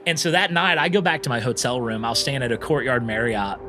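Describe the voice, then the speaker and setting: A man speaking as a podcast guest, telling his story in an earnest, emphatic, animated way. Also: medium pitch, fast, over music. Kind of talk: storytelling interview.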